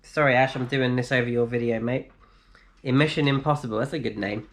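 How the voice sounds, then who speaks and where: Casual male streamer, mid-pitched, easygoing, reads and replies to chat. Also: steady tone, brisk. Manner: chatty, reads out comments and replies, laughs easily. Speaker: vlogger answering live chat. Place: indoors in a flat.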